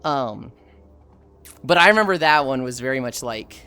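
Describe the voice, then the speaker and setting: Casual woman streamer, lively up-and-down delivery, cusses freely, light music underneath. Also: rumbling low, moderate pace, clear, resonant tone. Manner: profane, rambling, animated retelling. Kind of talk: casual storytelling while reading chat.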